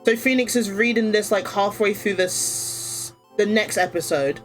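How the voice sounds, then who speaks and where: A woman's voice: mid-range voice, measured pace, soft background music. Chatty woman streamer, strained voice. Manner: chatty, rambling, with many fillers. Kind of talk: casual gameplay chat.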